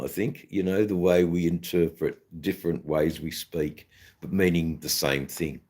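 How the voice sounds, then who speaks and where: Deep low aussie guy chatting slowly on his stream, lots of ums and pauses. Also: steady tone, a little mellow. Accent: Australian. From Australia. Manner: rambling, hesitant, many fillers. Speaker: channel host. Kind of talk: casual livestream chat.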